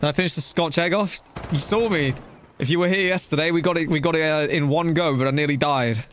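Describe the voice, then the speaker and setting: A man's voice: a little high, quick pace, fairly bright tone, a little hiss or hum. A young man casually commenting on a game he is playing live, chatting loosely with his viewers. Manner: chatty and loose, talking to chat while playing, slangy with "bro" and "dude". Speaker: game streamer.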